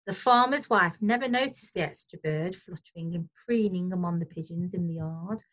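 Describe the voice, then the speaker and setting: A woman teacher reading a storybook aloud to children, expressive and gentle, pausing to explain the story. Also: lowish voice, rough recording. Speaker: primary school teacher.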